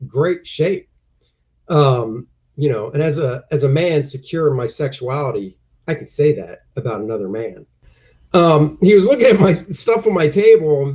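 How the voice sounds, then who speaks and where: A man chats casually on a livestream. His voice sits a little high and mellow, and he rambles from joke to joke with wisecracking asides. The sound is dull and lo-fi. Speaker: comic artist reviewing a convention. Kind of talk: casual livestream chat reading viewer comments.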